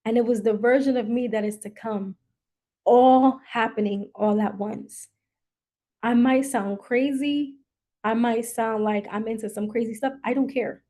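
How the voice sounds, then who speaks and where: Woman, podcast coach, warm mellow tone, earnest, holding back tears, reflective monologue. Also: on the high side. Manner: earnest, emotional storytelling. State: near tears.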